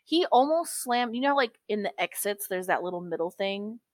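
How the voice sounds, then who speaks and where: A woman's voice: mid-range voice, lively intonation, moderate pace, no room sound. A woman co-hosting a podcast in casual chat, talkative and profane, calling everyone girl. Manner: chatty, swears freely, calls everyone girl. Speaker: podcast co-host.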